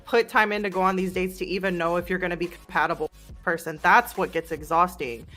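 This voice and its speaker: A woman co-hosting a casual chat, calmly explaining her view in long run-on sentences. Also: fairly low pitch, fast, soft background music.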